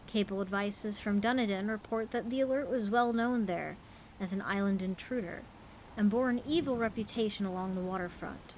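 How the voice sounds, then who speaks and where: A woman's voice: medium pitch, moderate pace, slight background noise, natural voice, rough recording. A woman voicing a news reporter, reading out a newspaper clipping in a formal newsreader manner.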